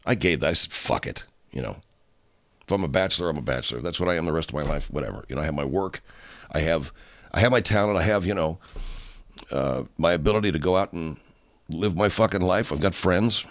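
An older man in a profane, angry rant, swinging from loud outbursts to quiet, low stretches. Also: brisk. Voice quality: heavy swearing, loud outbursts. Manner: ranting, rising into shouting then dropping low.

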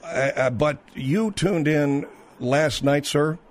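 A man's voice: on the high side, slow, a little hiss or hum. Rambling male radio talk host. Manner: rambling anecdotes, lots of fillers and restarts.

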